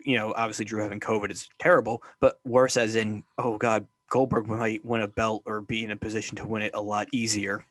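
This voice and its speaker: A man's voice: fairly low pitch, level tone, a little fast, hardly any pauses, a bit bright, dry recording. A man co-hosting a podcast, chatting casually about wrestling with wry, skeptical asides. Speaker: podcast co-host.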